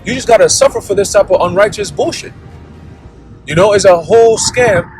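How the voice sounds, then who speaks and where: A man's voice: high voice, fairly quick, darkish tone, faint music behind, poor audio. A man giving a blunt, profane preaching monologue, constantly checking in with "okay?" and "all right?". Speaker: religious commentator.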